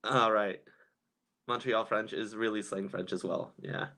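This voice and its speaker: A man chatting casually on a live stream, gossipy and quick to laugh, reading viewers' comments aloud and reacting. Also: on the low side, steady tone, sharp tone.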